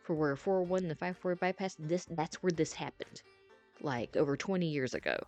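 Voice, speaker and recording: A woman's voice: sits low, fairly quick, darkish tone. A woman in her thirties telling a personal story in a casual, rambling way, with lots of fillers, restarts and swearing. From North Carolina. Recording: faint music behind.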